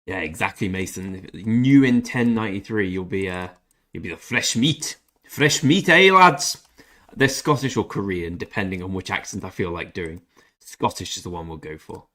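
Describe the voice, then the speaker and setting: Speaking in a low voice at a moderate pace, this young British gaming streamer chats casually while he plays. He addresses viewers by name and offers blunt opinions with some mild swearing.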